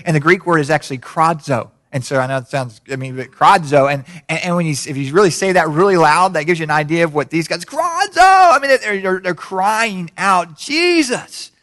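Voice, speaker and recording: A man preaching to his congregation, his voice sitting a little high for a man. He talks casually through the explanation, then builds to loud, shouted climaxes. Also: fast, hardly any pauses. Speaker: pastor. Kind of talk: sermon.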